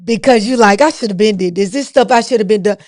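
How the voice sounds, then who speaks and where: A woman co-host speaks softly and reflectively, building her point with encouragement. Her pitch sits in the middle, and the sound is close and dry. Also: fast, no echo. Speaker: podcast co-host. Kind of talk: casual chat.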